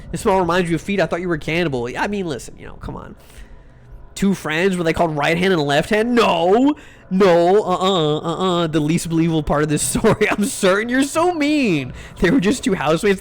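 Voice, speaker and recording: A young man streaming as a VTuber chats casually while gaming, rambling through jokey stories with frequent restarts, self-interruptions and swearing. His voice sits high, with slight background noise.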